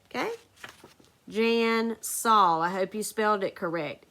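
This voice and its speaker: A woman teacher leading a recorded phonics lesson, dictating sentences slowly and spelling words out letter by letter. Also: mid-range voice, bright, forceful tone. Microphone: recorded for a video lesson.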